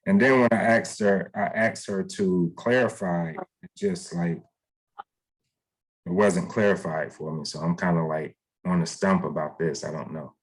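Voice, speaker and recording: A man's voice: deep voice, fairly even intonation, a little slow, slightly rough, low-quality recording. A man giving a casual spiritual reading as a psychic medium, talking hesitantly and rambling with many fillers.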